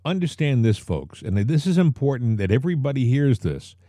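A man's voice: mid-range voice, sing-song, brisk, dark tone, no room sound. A man hosting a talk podcast, speaking straight to his listeners and repeating the key points so they stick. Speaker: podcast host. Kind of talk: casual talk show chat.

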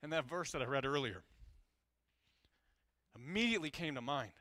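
A male pastor preaching a sermon, candid and animated, swinging between loud passages and hushed ones. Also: on the high side, moderate pace, long pauses, dry recording.

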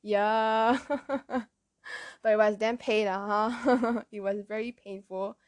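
A young woman with a Malaysian English accent tells childhood stories in a loose, rambling way, laughing at herself often. Her voice sits fairly high. The sound is dry and close, with no room around it. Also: fairly even intonation, slow pace, no echo. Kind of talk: casual storytelling.

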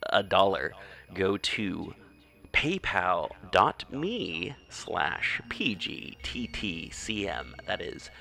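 A man's voice: low-pitched, sing-song, extremely slow, vocal fry, bright, forceful tone. A man hosting a podcast, who reads the sponsor ads in a rambling, offhand and chatty way. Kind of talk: casual ad read.

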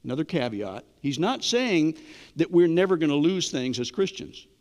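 A man's voice: on the high side, sing-song, moderate pace, a little mellow, long reverb tail. A middle-aged man preaching a sermon in a conversational way, asking the congregation questions. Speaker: pastor.

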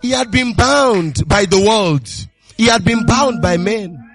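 A man preaching a sermon as pastor, exuberant and full of repeated calls and sudden shouts. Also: high voice, lively intonation, slow, creaky.

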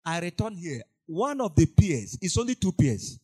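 A man preaching a sermon, emphatic and repetitive, moving between quiet asides and loud cries. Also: high-pitched, big pitch swings, normal speed, husky.

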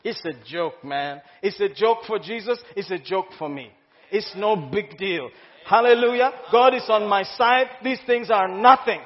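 A pastor preaching an exuberant, laughing sermon in a large church hall. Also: male voice, high-pitched, moderate pace. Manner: exuberant, laughing, exclaims hallelujah. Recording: muffled sound, long hall reverb.

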